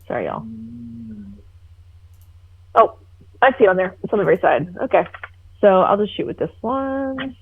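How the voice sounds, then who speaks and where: A woman's voice: mid-range voice, very animated, normal speed, long pauses, breathy edge. A woman playing a tabletop game over a call, chatty and apologetic, her voice muffled by her headset. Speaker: player. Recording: muffled, phone-like headset line.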